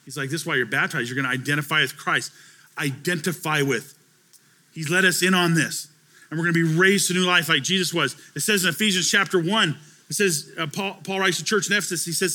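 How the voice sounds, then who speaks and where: Bright-voiced male pastor preaching. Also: fairly high pitch, fast. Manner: conversational preaching with acted-out dialogue. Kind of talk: sermon.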